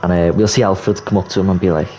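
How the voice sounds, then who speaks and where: A young man with a low voice narrates a film idea in an animated, casual way. He stumbles and restarts as he gets excited. A soft music bed runs under him. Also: poor audio. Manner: animated storytelling, swearing, quick restarts. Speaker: YouTuber. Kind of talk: casual movie plot pitch.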